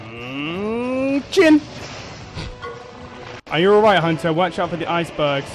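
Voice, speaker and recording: Excitable high-pitched man gaming. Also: moderate pace, faint music behind, rough recording. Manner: excitable, swears, shouts and laughs at the game. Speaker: gameplay commentator. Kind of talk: let's play commentary.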